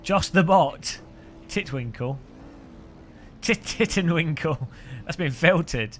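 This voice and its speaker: A man rambles through a live sim racing stream, joking with his chat and laughing often. His voice sits fairly high with a bright, forceful edge. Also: animated, slow pace, a little hiss or hum.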